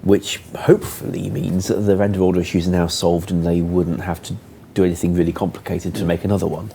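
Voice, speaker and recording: A man's voice: low voice, little pitch movement, fairly quick, gravelly, warm tone, slight background noise. A man on a game developer panel making dry, joking asides. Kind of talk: casual panel chat.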